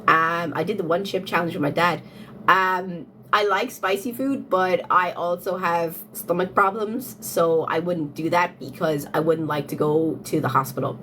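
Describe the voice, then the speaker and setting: A woman's voice: on the low side, normal speed, fairly bright tone, a little hiss or hum. A young Irish woman live-streaming casually, answering chat, laughing often and repeating phrases as she thinks aloud. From Ireland. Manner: giggly, breaks into frequent laughter. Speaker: livestreamer.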